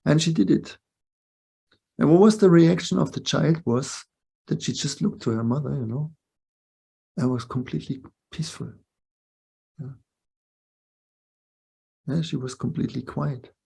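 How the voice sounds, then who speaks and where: A man's voice: a little high, unhurried, vocal fry, long pauses, dark tone, husky. An older man giving a spiritual webinar talk, reflective, often ending points with short questions to listeners. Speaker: spiritual teacher. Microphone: video call mic.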